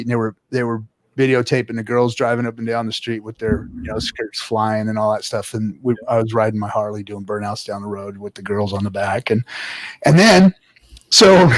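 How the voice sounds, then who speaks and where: A man on a casual podcast telling a story, animated and swearing a lot, acting out others' voices loudly. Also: medium pitch, dry recording, clean studio sound. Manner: animated, loud quoted voices, swears often. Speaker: podcast co-host.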